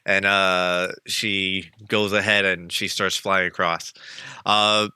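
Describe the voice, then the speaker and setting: A man narrating his character in a tabletop role-play, halting and full of fillers. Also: sits low, flat delivery, pushed and bright, clean tone, no room sound, studio quality. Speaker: tabletop player.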